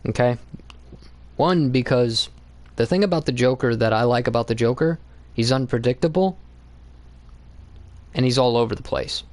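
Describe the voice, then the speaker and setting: A man's voice: mid-range voice, normal speed, long pauses, dry recording. Blunt, profane young man ranting about comics. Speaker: comics channel host. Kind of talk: casual opinionated monologue.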